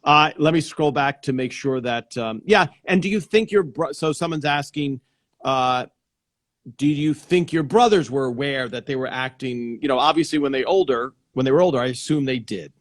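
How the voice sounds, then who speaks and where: A man's voice: medium pitch, moderate pace. A man hosting a casual live interview over a video call, rambling and restarting his sentences as he talks. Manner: rambling, restarts sentences, repeats "yes" and "yeah". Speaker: host.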